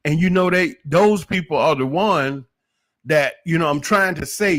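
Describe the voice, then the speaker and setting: A man's voice: fairly high pitch, unhurried, fairly bright tone. A man giving an opinionated livestream monologue, preachy and emphatic, firing off rhetorical questions. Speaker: livestream commentator.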